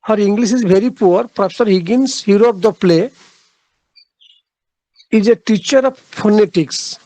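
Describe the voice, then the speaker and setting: A man giving a literature lecture, halting, with frequent fillers and repeated phrases. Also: sits high, warm tone, dry recording, poor audio.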